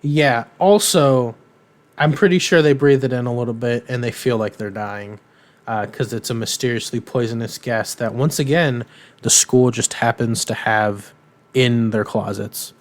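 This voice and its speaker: A man co-hosting a casual podcast, walking through a cartoon episode in a loose, rambling style. He fills pauses with frequent ums and throws in irreverent, offhand jokes, dropping into character voices now and then. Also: mid-range voice. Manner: rambling, filler-heavy, irreverent; acts out characters' lines in quotes. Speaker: podcast co-host.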